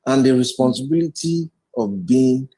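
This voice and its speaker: A man's voice: medium pitch, lively intonation, moderate pace, warm tone, husky, low-quality recording. A man in his forties, a guest speaker giving an earnest, reflective personal testimony in an interview and retelling past conversations.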